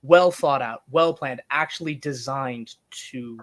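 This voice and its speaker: A man's voice: medium pitch, slow. A man talking as a guest in a casual interview, thinking aloud with restarts and small laughs. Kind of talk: casual conversation.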